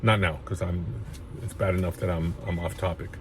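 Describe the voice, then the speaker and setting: Low-voiced man rambling through a personal story. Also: fairly even intonation, moderate pace, noisy background. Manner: rambling, many restarts, emotional at times. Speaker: chiropractor sharing his story.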